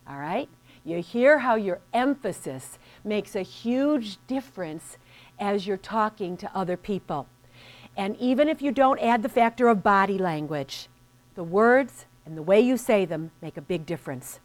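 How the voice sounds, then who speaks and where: A woman's voice: medium pitch, expressive, unhurried. A woman business coach giving a scripted motivational lesson, speaking earnestly and directly to the listener.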